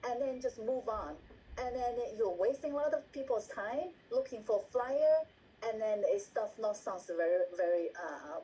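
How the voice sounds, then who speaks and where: Trainer: woman, dark-toned and repetitive, acts out examples, video-call sound with faint hiss. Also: a little high, poor audio. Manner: repeats words, asks "right?" often, acts out example lines. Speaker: meeting trainer. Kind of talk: instructional talk on a video call.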